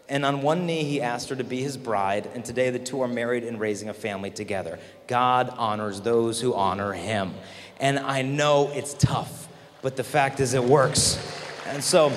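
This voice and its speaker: A conference speaker with a medium-pitched voice tells stories to a large young audience, animatedly acting out the voices of people he quotes. He is in a large convention hall, and the recording carries long hall reverb and faint noise.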